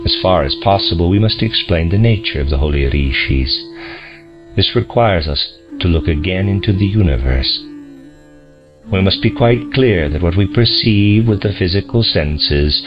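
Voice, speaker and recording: A man reading a lecture aloud in a slow, deliberate, solemn manner, on a dull lo-fi recording. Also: sits low, expressive, music in the background. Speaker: audiobook reader.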